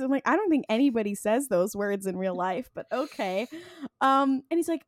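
A woman's voice: medium pitch, animated, no echo. Woman podcaster retelling an episode, quotes lines in little voices, dry close mic. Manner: retells scenes with quick bits of quoted dialogue, frequent ums and laughs. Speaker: podcast co-host. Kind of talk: casual recap chat.

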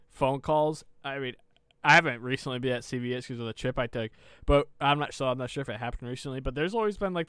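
In this casual podcast chat, a young male co-host rants, swears freely, laughs often and does impressions of customers. He speaks at a medium pitch with a sharp yet smooth quality, recorded in the studio with no echo.

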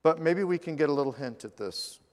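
A man preaching a sermon as pastor, earnest, slowing down for scripture and dropping to a hush in prayer. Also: on the high side, animated, long reverb tail.

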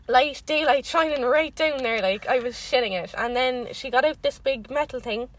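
A young Irish woman telling a story in casual chat, animated and swearing freely. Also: high-pitched, normal speed, poor audio.

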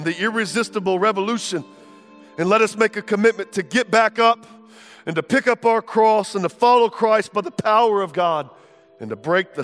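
A man in his thirties preaches with fervor, his fairly high voice rising to shouts and dropping to hushed tones. He delivers a sermon to a congregation, and a faint musical bed plays quietly behind him. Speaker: pastor.

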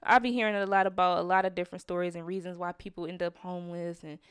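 Soft-spoken young woman, dry close sound. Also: fairly low pitch, flat delivery, quick pace, clear, resonant tone, no echo. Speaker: podcast co-host. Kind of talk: casual chat.

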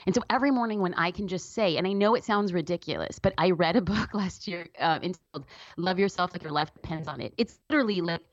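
A woman speaks earnestly and reflectively as an interview guest, her voice sitting on the low side. The sound is dry, with little room around it, and slightly dull and muffled. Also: quick pace, dry recording. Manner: earnest, reflective, lots of "like" fillers. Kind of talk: candid personal interview talk.

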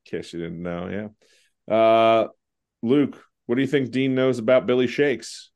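A man's voice: lowish voice, fairly even intonation, a little slow, darkish tone. A man hosting a casual trivia podcast, joking around and swearing now and then. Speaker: quiz host.

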